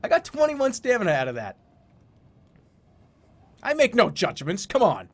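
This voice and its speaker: Excitable, swearing man streaming a game. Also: high voice, moderate pace. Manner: excitable, swears, boastful self-mockery. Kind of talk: live gameplay commentary, reading game text aloud.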